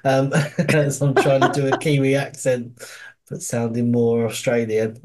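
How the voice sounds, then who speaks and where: A man's voice: medium pitch, steady tone, measured pace, darkish tone. A man co-hosting a podcast, rambling casually about a TV series, with frequent restarts and swearing. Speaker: podcast co-host.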